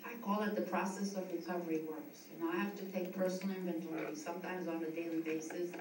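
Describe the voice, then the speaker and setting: A woman's voice: on the low side, flat delivery, quick pace. A middle-aged woman from the US East Coast, a yoga school founder giving a heartfelt, rambling tribute speech with frequent restarts. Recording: echoey room, distant mic, noisy.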